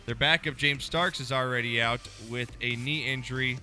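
A young man hosting a casual sports talk show, joking and moving briskly through segments. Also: mid-range voice, steady tone, bright, forceful tone, faint music behind.

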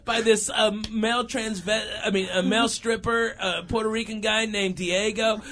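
A man in his thirties telling a funny story in a casual chat, animated and laughing through his lines, often saying okay and all right. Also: sits high, moderate pace, noisy background.

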